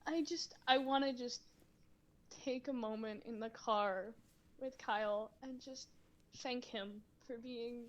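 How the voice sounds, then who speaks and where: A woman playing a tabletop role-playing game, expressive, swearing and laughing often. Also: on the high side, takes it slowly, muffled recording. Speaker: player. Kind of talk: casual role-play as a player.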